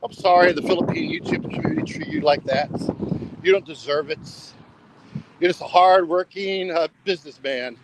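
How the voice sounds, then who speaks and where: A man's voice: on the high side, moderate pace, background noise. A man rambling casually for a travel vlog while walking along a road at night, repeating himself and saying "bro" a lot. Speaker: travel vlogger.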